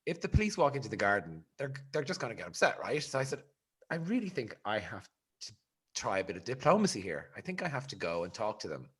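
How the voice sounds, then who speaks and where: A man, hosting a podcast and telling a rambling, animated story in casual chat. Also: lowish voice, fast, slightly rough. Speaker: podcast host.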